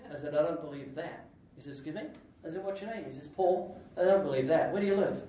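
A man preaching a sermon with lots of jokes and his own laughter, breaking into sudden loud outbursts. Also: on the high side, fast. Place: church hall. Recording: echoey hall, distant mic, faint noise.

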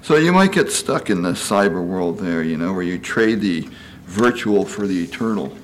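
A man's voice: low-pitched, expressive, normal speed, slight background noise. A man in his sixties giving a conversational sermon, folksy and chatty, often asking "you know?" and acting out quoted voices. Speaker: preacher.

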